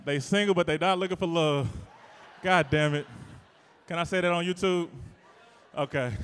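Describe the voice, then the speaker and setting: A man hosting a live event, working the crowd in a loud, teasing, playful way with sudden shouts. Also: high voice, clean tone. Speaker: event host and emcee. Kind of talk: live hype emcee to a crowd. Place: live event venue indoors. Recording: long reverb of a big event hall.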